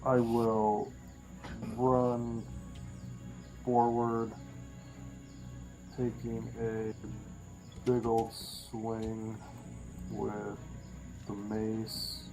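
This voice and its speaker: A man playing in a tabletop game, speaking quietly and hesitantly. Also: lowish voice, completely flat delivery, extremely slow, long pauses, music in the background, poor audio. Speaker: player. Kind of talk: casual tabletop play.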